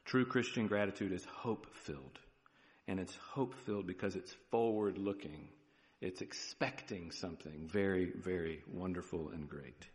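A man with a lowish voice preaches to his congregation, leaning into key words and often asking "right?" as he goes. A long church reverb trails his words. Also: moderate pace. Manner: lively preaching with rising emphasis and frequent "right?" check-ins. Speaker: pastor. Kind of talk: sermon.

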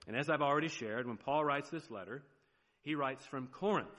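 Southern pastor preaching in a reverberant hall. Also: male voice, mid-range voice, a bit bright. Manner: conversational, explanatory, frequent fillers and rhetorical questions. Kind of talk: sermon.

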